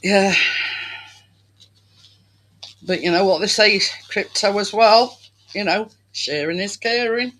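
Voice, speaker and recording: A woman's voice: mid-range voice, slow pace, pauses often, fairly bright tone, poor audio. A woman hosting a home baking video, chatting casually to viewers while she works and saying "me" for "my". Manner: uses dialect "me" for "my".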